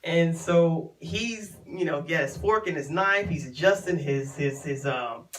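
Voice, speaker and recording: A woman's voice: deep voice, a little slow, distant mic, rough recording. A woman from Chicago, hosting a live stream and telling a casual story to her viewers, laughing often and acting out what people said. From Chicago, USA. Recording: voice sounds from away from the mic.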